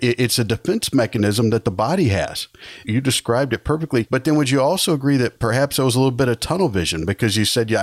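A man's voice: lowish voice, no room sound. A man hosting an interview, talking in an earnest, reflective way. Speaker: podcast host. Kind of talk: interview conversation.

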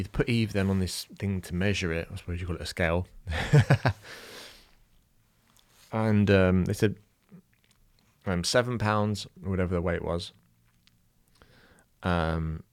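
A young Irish man with a low, deep voice recounts a personal story, halting and emotional, often restarting his sentences. The recording is close and dry, with no room sound. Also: no room sound. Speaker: new father telling a birth story.

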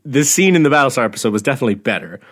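A man co-hosting a podcast, chatting casually and excitedly about a TV episode, laughing often and swearing freely. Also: mid-range voice, rapid-fire, husky. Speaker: podcast co-host. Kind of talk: casual TV rewatch podcast chat.

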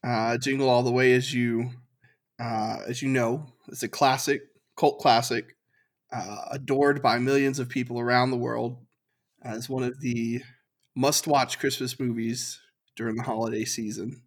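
A man's voice: mid-range voice, little pitch movement, unhurried. A young man co-hosting a casual movie podcast, easygoing and hesitant, with many fillers. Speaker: podcast co-host.

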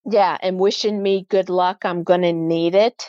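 A woman's voice: lowish voice, steady tone, normal speed, mellow, no room sound, muffled recording. A middle-aged woman, a podcast guest, recounting a personal experience and acting out the voices of the people in it. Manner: vivid storyteller who acts out quoted voices. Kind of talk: personal storytelling in an interview.

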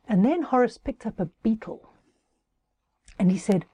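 Woman, children's story narration, playful, giggly, lively pitch, higher voice. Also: measured pace, pauses often, husky, no echo.

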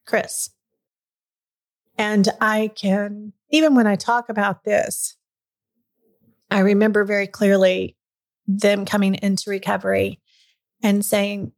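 A woman's voice: mid-range voice, flat delivery, slow pace, long pauses. A middle-aged woman telling a personal story in a candid, chatty way, sometimes getting emotional. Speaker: podcast guest. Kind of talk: casual storytelling chat.

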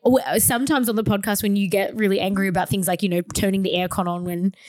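A woman's voice: medium pitch, steady tone, fast, a little mellow, dry recording. A young woman co-hosting a casual podcast, teasing and laughing. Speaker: podcast co-host. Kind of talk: casual chat.

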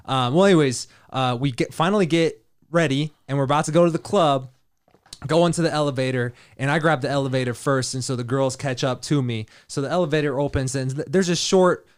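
A young adult man hosting a podcast, telling a story in a loose, animated way and laughing often. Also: medium pitch, fairly quick, smooth. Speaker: podcast host, dating coach. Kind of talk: casual storytelling chat.

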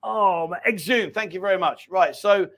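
Chatty, high-voiced host. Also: male voice, normal speed. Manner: chatty, rambling, animated storytelling. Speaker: livestream host. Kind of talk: casual live chat.

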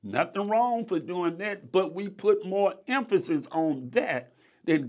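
Preacher, male, fairly high voice, slow deliberate sermon delivery with a swelling cadence. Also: expressive. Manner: rising and falling preaching cadence, addresses believers; stretches scripture readings slowly, then rushes asides.

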